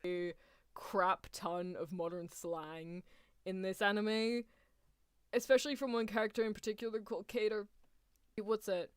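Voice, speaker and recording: Woman, reaction streamer, excitable, lots of laughter, loud outbursts and soft murmurs, dry close sound, medium pitch. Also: a little slow, clean tone, no room sound. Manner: gushing and excitable, laughing, drifting between loud cries and hushed near-whispers. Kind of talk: excited live reaction commentary. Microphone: headphones on while streaming.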